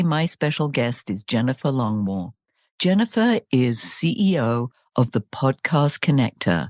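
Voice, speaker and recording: A woman's voice: rumbling low, darkish tone, no room sound, clean studio sound. A woman hosting a podcast interview, enthusiastic and polished. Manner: enthusiastic, scripted-sounding intro. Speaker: podcast host.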